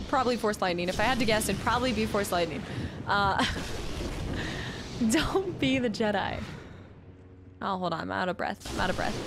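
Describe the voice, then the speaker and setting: A woman streaming a video game, chatting and reacting excitedly as she plays. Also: mid-range voice, background noise. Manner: chatty, excitable, jumps between chat and gameplay. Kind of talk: live-stream chat while playing.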